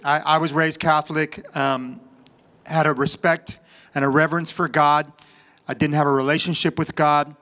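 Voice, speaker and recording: A man's voice: a little high, sharp tone. A man giving a plainspoken personal testimony at church, earnest with a light joking touch.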